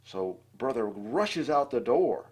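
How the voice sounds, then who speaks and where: An older man reads a children's picture book aloud in a husky voice. He sounds lively and expressive, with a wide, swinging pitch. He keeps stopping to chat about the pictures. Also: takes it slowly. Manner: adds asides and chatty commentary between lines. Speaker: storybook reader.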